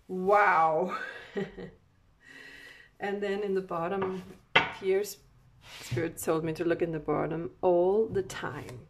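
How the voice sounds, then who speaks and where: A woman giving a casual spiritual card reading, meandering along with frequent soft laughs. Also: on the low side, steady tone, slow, pauses often. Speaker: oracle card reader.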